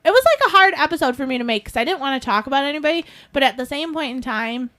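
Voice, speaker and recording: A woman co-hosting a podcast, telling animated stories in casual chat, swearing freely and acting out what people said. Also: high-pitched, fast talker. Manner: animated storyteller, swears freely, acts out quotes. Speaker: podcast co-host.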